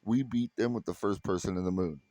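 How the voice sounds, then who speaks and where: A man's voice: low-pitched, a little fast, mellow, dry recording. Profane ranting stand-up comedian man. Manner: profane, exasperated ranting with stammered restarts; acts out quoted voices mid-rant.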